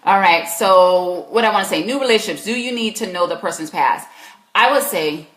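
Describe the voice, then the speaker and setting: A woman's voice: medium pitch, normal speed, a bit bright, reverberant. A woman with a South Carolina accent, a Christian life coach answering viewers' questions on a live stream in an emphatic, preachy way. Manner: emphatic, preachy, talks back to viewers' comments.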